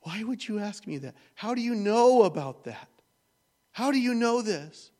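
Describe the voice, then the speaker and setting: A man quoting a troubled teenage girl in a hushed, pleading way. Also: medium pitch, steady tone, moderate pace, close to an everyday voice. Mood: alarmed. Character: upset teenage girl confessing self-harm.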